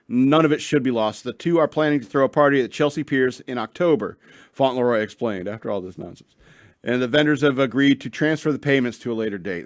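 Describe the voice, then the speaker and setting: A man's voice: medium pitch, fast, no echo, studio quality. A man hosting a casual solo podcast, rambling through stories with sarcastic asides. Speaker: radio show host.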